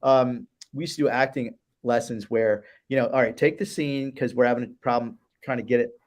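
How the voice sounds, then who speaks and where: A man's voice: medium pitch, steady tone, a little fast. A man, a business advisor guest, talking enthusiastically in a casual chat and repeating words as he starts.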